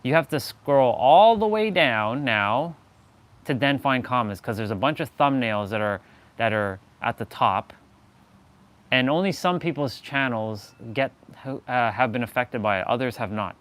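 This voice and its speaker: A man's voice: mid-range voice, expressive, measured pace, fairly bright tone. A man hosting a fitness livestream, talking in a loose, rambling, joking way. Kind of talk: casual livestream chat.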